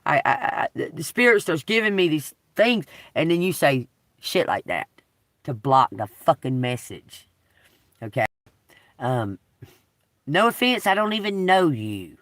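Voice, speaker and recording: A woman's voice: low voice, very animated, measured pace, dry recording, clean studio sound. Brief: Southern woman tarot reader, blunt and cussing, voice that leaps up and down. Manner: blunt, profane, swings between drawl and outbursts. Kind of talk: unscripted video rant to viewers.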